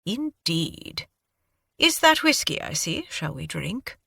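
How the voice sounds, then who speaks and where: Woman reading a wry, refined British-accented male scholar, bright tone, dry sound. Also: high-pitched, sing-song, slow, gravelly, no room sound, exaggerated voice. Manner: urbane, self-deprecating.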